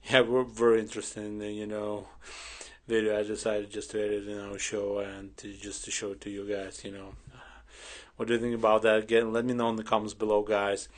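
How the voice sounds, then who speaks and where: A man's voice: on the low side, completely flat delivery, a little fast. A man hosting a reaction show, giving plain commentary between clips and asking viewers for comments.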